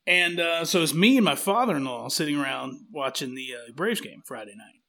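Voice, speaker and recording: A man with a high, bright voice spins a rambling, self-deprecating story on a casual podcast. He keeps acting out little quoted lines as he goes. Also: animated, a little fast, gravelly.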